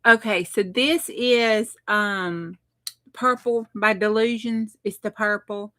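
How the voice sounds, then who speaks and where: Woman, middle-aged, craft stream host, chatty, slow, bright tone. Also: mid-range voice, steady tone. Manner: chatty, laughs often, talks back to chat. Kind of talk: casual livestream chat with viewers.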